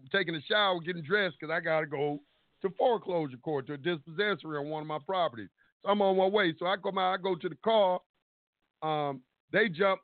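High-voiced man telling a story over the phone. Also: dry recording. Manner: animated storytelling, acting out quotes, swearing. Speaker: caller. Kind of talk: call-in radio storytelling. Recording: tinny phone line, dry.

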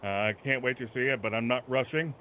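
A man's voice: medium pitch, quick pace. A man in character as a brash wrestler, bragging and rambling, stretching his words for effect. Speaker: wrestler persona on a talk show. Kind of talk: in-character wrestling promo chat. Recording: tinny phone-like line, faint noise.

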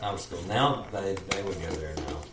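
A man's voice: low-pitched, moderate pace, noisy background. A man in his forties co-hosting a casual fan talk, blunt and swearing freely. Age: 40s. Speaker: podcast co-host. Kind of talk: casual chat. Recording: roomy, distant from the mic.

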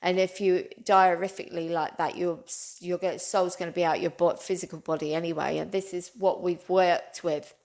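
A woman's voice: on the low side, steady tone, normal speed, hardly any pauses, darkish tone. A woman, a psychic medium, telling a long story in an earnest, rambling way and calling her listeners "guys". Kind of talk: animated storytelling.

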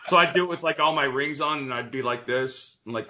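Bright-voiced, blunt joking man. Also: medium pitch, a little fast. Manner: blunt, joking, swears freely. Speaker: guest, retired pitcher. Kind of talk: casual interview chat.

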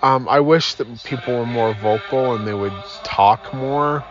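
A man's voice: medium pitch, measured pace, dull audio, soft background music. A man hosting a podcast from inside his car, sleepy and yawning, rambling and self-deprecating with many fillers. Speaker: podcast host. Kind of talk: casual rambling podcast talk.

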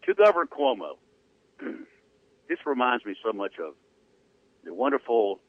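A man hosting sports talk radio, ranting with animated sarcasm. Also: mid-range voice, a little slow, no echo. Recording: dry tinny phone-like radio audio.

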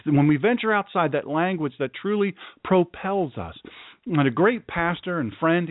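A man with a slightly high voice hosts a radio show, speaking earnestly in a folksy, preachy way and hammering his points with repeated phrases. The sound is dry, thin, and tinny like a phone line, with no room sound.

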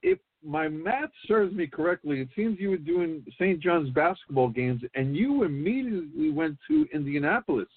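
Husky, animated male co-host on a phone line. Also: a little high, moderate pace, hardly any pauses, no echo. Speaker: podcast co-host. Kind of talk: casual interview questions. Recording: dry tinny phone-like line.

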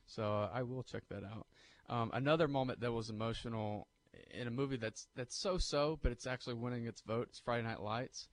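A man co-hosting a morning sports talk show. He retells scenes with animated energy, his voice rising and falling as he goes. His pitch sits in an ordinary middle range. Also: brisk, hardly any pauses. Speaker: sports radio co-host.

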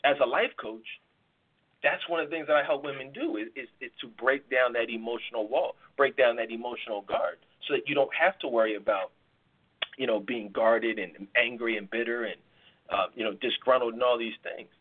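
A man's voice: medium pitch, a little fast. A man who hosts a podcast and works as a life coach, giving emphatic relationship advice, repeating words and explaining through analogies. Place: live podcast taping. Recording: tinny phone-like sound.

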